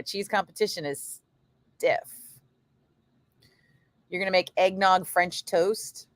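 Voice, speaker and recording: A middle-aged woman, chatting casually with viewers on a home livestream, animated and sweary as she tells stories. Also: fairly low pitch, no room sound. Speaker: radio DJ chatting with live viewers.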